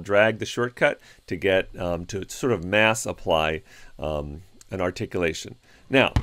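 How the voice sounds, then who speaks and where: A man calmly walking through a music notation software tutorial step by step, with a few fillers. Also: sits low, dry recording. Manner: calm, step-by-step explaining with fillers. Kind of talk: screen-recorded tutorial.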